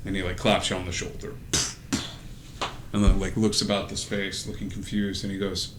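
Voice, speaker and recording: A man's voice: sits low, level tone, normal speed, fairly bright tone. A man narrating a tabletop game as game master, casual, with many fillers and frequent laughs. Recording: echoey room with faint noise.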